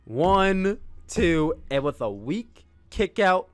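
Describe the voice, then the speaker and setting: Male podcast host, fairly high voice, dry close sound, eager and rambling. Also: sing-song, takes it slowly, clear, resonant tone, no room sound. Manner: enthusiastic, rambling with restarts. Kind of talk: casual wrestling review.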